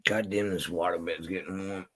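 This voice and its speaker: A man's voice: sits low, steady tone, moderate pace, fairly bright tone, breathy edge. A man ranting and telling stories in casual chat, profane and rambling, heated at times. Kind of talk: casual storytelling rant.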